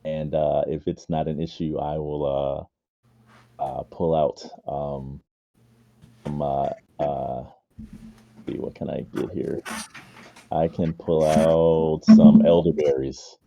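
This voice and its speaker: A man taking his turn in a tabletop game, with a very deep, dark voice. He speaks hesitantly, filling pauses. The sound is dry and a bit muffled. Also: flat delivery, gravelly. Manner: hesitant, many fillers. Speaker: player.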